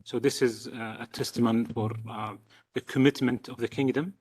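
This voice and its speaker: A man from Saudi Arabia with a Saudi accent, a native Arabic speaker, giving a formal statement as the host country's representative, halting, with many fillers and repeated words. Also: mid-range voice, fairly even intonation, darkish tone, slightly rough.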